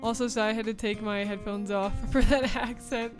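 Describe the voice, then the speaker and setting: A woman's voice: medium pitch, fairly even intonation, moderate pace, faint music behind. A woman streamer in casual livestream chat, bubbly and chatty as she reads out viewer messages and thanks them.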